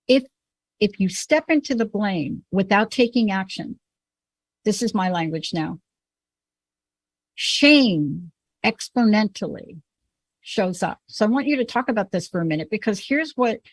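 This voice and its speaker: A woman's voice: medium pitch, expressive, unhurried, pauses often, no room sound. A woman host from the Bronx with a New York accent, talking emphatically and telling personal stories in a conversational show. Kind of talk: conversational podcast talk.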